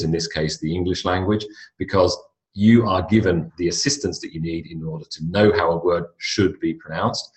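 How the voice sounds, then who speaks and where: A man teaching English pronunciation in a relaxed, conversational lecture, with asides and restarts. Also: low voice. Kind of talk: recorded lecture. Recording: echoey room.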